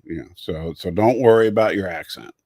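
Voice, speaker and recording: A man's voice: low-pitched, normal speed, darkish tone, no room sound, clean studio sound. A man hosting a casual livestream chat, rambling, repeating words and reading out viewer comments. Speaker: show host.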